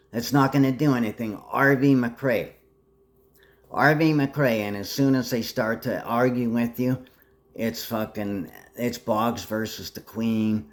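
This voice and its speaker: A man delivering a rambling, agitated monologue full of threats, jumping between topics. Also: mid-range voice.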